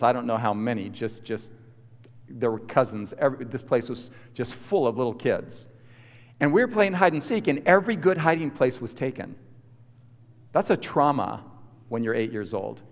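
Animated preacher man in a reverberant hall. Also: mid-range voice. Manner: animated storyteller, swinging from loud to hushed. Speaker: guest preacher. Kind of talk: storytelling sermon. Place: large hall at a school prayer week.

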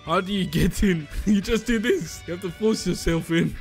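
A man's voice: sits high, moderate pace, few pauses, over loud music. A young man giving casual, mischievous commentary over a game, laughing often. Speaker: Minecraft YouTuber.

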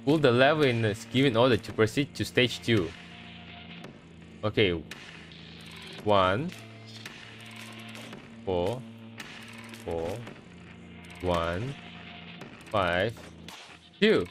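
A man's voice: on the low side, animated, very slow, long pauses, soft background music, rough recording. Jumpy swearing man playing a horror game. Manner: jumpy, swearing, reads on-screen text aloud. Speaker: gameplay streamer. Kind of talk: horror game let's play commentary.

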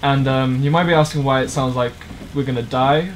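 A man's voice: mid-range voice, fairly even intonation, brisk, slight background noise. A man giving rambling, jokey let's play commentary on a driving game, swearing often. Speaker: gamer playing a driving game.

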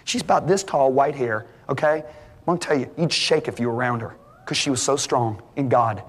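A middle-aged male preacher giving an animated sermon, full of stories, his voice climbing high for the punchlines. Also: brisk. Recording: long hall reverb.

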